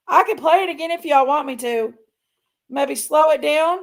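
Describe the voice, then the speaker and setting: This true crime host talks casually to her livestream viewers, regularly trailing off and going over the same points again. She has a high-pitched voice with vocal fry, fairly even intonation, and a normal speed.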